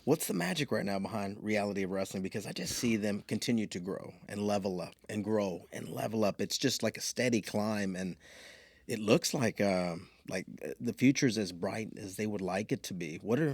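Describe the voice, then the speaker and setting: A man's voice: on the low side, brisk, a little mellow, dry recording. A man who coaches athletes, hosting a podcast and asking questions in a casual, encouraging way. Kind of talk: casual interview chat.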